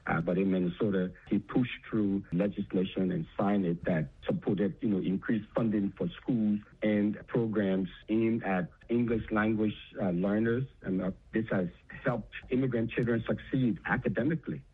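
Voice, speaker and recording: A man talks earnestly down a tinny phone line, pausing on fillers and starting sentences over. His voice sits a little low and sounds husky. He is from Liberia and speaks as a former local council member. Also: fairly even intonation. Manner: earnest, many fillers and restarts. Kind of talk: phone interview.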